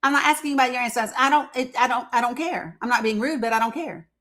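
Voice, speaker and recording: A woman's voice: fairly high pitch, fast, pushed and bright. Teasing, skeptical woman streamer. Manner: teasing, skeptical, laughing often; presses with repeated pointed questions. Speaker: livestream host. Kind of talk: casual live-stream debate.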